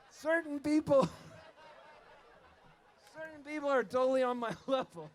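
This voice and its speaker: On an outdoor festival stage, a Canadian singer-songwriter with an extremely high-pitched voice banters with the crowd and tells a rambling joke, laughing at his own punchlines. He speaks a little slowly with lively intonation and long pauses. His stage vocal mic feeds the soundboard, with a band playing softly behind him and slight background noise.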